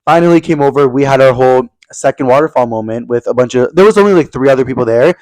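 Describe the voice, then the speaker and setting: Fast-talking young man telling a story. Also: mid-range voice, low-quality recording. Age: 20s. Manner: animated storyteller, acts out quoted people. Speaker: podcast co-host. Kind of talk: casual chat.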